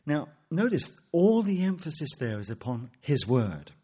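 A man preaches a sermon, his pitch rising and falling as he works through rhetorical questions and quoted scripture. His voice is slightly husky, and he talks at a measured, expository pace. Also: very animated, mellow.

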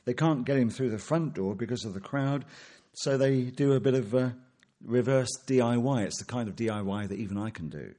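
A man's voice: mid-range voice, fairly quick, dark tone. A man preaching an expository sermon, asking rhetorical questions and quoting scripture.

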